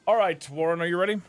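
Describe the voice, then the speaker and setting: Man, slightly high voice, casual podcast chat, swears a lot, dry close sound. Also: no echo. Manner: loose, profane, jokey banter. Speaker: podcast co-host.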